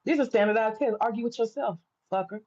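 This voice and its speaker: A woman's voice: a little high, quick pace, darkish tone, highs cut off. An American woman livestreaming to her viewers, ranting in a heated, profane, repetitive way. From United States. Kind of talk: casual livestream rant.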